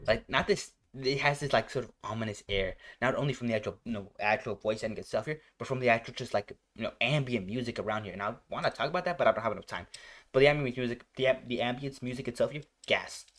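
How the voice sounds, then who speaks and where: A young man talks through a reaction video in a loose, rambling way, leaning on fillers. His voice sits at an ordinary pitch, and he restarts his sentences often. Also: fast, fairly bright tone. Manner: rambling, full of "like" and "you know". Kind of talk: casual reaction commentary.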